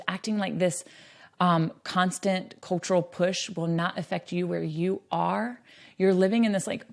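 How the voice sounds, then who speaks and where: A woman from western North Carolina, talking as a podcast host in an earnest, storytelling manner with frequent ums. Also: on the low side. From western North Carolina, USA. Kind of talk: earnest conversational monologue.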